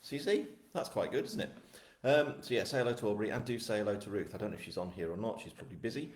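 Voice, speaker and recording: Chatty, self-deprecating man, low voice. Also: fast. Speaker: author hosting a live book launch. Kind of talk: casual live-stream chat. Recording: echoey room.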